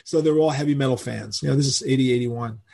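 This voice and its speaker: An older man, telling animated stories as a guest in a podcast interview and acting out the people he quotes. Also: mid-range voice, fast, vocal fry. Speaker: guest musician.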